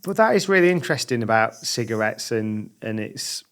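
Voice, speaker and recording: A man's voice: medium pitch, lively intonation, brisk, fairly bright tone, clean tone. A man hosting a casual interview, asking thoughtful questions in a conversational way. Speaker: podcast host.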